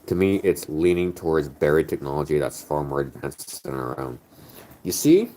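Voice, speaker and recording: A man's voice: extremely low pitch, very animated, normal speed, warm tone. A tipsy man chatting casually on a stream, rambling, joking and swearing, his words slightly slurred. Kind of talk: casual chat.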